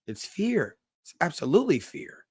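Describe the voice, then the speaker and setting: A man's voice: on the high side, sing-song, normal speed, darkish tone, breathy edge, no echo. A man leading a live-streamed parenting class who greets chat viewers by name and repeats his key points.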